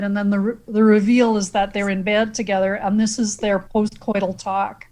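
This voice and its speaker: A woman from Canada, a guest on a podcast, chatting casually and in an animated way. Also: medium pitch, moderate pace, low-quality recording. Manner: animated, quotes lines from scenes. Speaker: guest, comedic actress.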